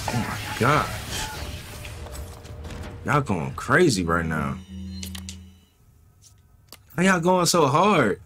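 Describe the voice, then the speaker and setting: A man giving casual, slangy gameplay commentary, talking to his viewers and swinging from low muttering to loud yelps. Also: huge pitch swings, drawn-out words, long pauses, faint music behind. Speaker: gaming commentator.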